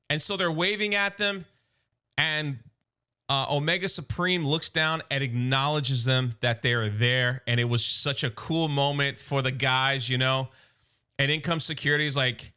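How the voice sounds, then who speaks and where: A man casually recapping a comic book story, chatty and excitable, acting out the characters' lines as he goes. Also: mid-range voice, moderate pace, smooth.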